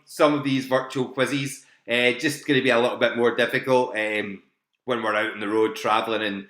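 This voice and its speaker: A man's voice: mid-range voice, fairly bright tone. A man hosting a live online quiz from his home, chatty and laughing often as he repeats each question and its options. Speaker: quiz host. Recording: echoey home room.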